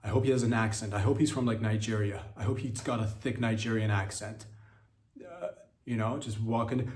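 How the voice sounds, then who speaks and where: A man's voice: mid-range voice, a little fast, a little mellow, echoey room. Rambling man on a comedy podcast. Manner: rambling, profane, many restarts. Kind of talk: casual comedic rant.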